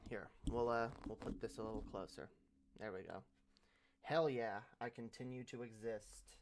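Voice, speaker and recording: A man's voice: fairly low pitch, steady tone, normal speed, background noise. A man hosting a casual livestream, joking loosely and swearing, sprinkling "yo" everywhere while he fiddles with a new microphone. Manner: slangy, profane, peppered with "yo"; loose, joking, tinkering with a new mic mid-talk. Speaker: livestream host. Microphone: new desk mic with pop filter.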